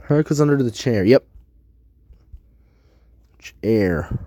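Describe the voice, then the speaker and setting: A man talks slowly to his viewers, stopping often to repeat words and fix his own mistakes as he sounds out phrases. His voice is close and dry, with no room sound around it. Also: mid-range voice, expressive, dark tone, no room sound. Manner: halting, self-correcting, repeats words aloud. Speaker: vlogger. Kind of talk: rambling commentary while doing a language app.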